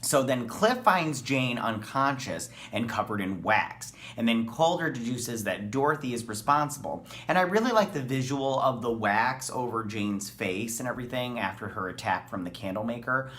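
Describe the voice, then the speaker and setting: A man's voice: medium pitch, animated, normal speed, few pauses, a bit bright. A man hosting a casual TV episode review, talking in a rambling, enthusiastic way with many ums and uhs. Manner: rambling, filler-heavy, enthusiastic. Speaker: TV show reviewer.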